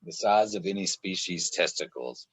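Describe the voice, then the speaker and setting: Man, low voice, rambling laughing storyteller; dry, muffled recording. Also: animated, moderate pace, dry recording. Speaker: author guest. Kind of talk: casual podcast chat. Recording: dull, dry lo-fi sound.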